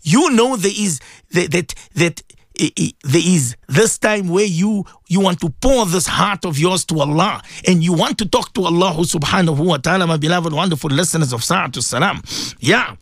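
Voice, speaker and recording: A man's voice: high voice, animated, moderate pace, no room sound, studio quality. A middle-aged man hosting a Muslim radio show, chatting casually and affectionately, rambling and repeating himself as he reads listeners' messages. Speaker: radio host and Muslim cleric.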